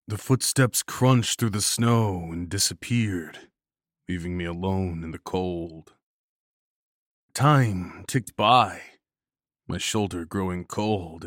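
A man narrating a horror story in a grave, scripted reading with measured pauses. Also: deep voice, no room sound, clean studio sound.

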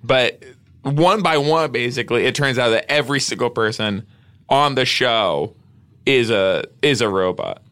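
A man's voice: medium pitch, unhurried, fairly bright tone, clean tone. A man co-hosting a comedy podcast, eagerly building up a silly idea. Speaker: podcast co-host. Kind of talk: improvised comedy chat.

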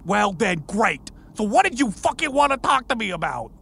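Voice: mid-range voice, very animated, normal speed, voice pushed down, exaggerated voice. A tabletop player voicing a furious ancient male demon boss who rants, sputters and swears in wounded rage. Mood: hurt. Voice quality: raspy, shouting profanity. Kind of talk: tabletop role-play.

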